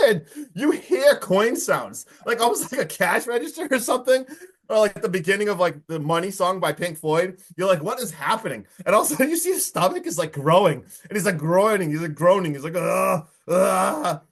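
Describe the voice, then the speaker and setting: A man hosting a podcast, excitedly recapping a horror movie in casual chat and acting out lines from it. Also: high voice, fairly quick. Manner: excited, swearing, acts out lines from the film. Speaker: podcast host.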